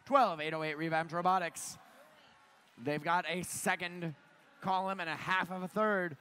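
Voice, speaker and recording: A man giving live play-by-play commentary on a robotics competition, getting louder and higher at the big moments. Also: normal speed, clear, resonant tone. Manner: excited play-by-play, climbs in pitch at big moments. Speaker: match commentator.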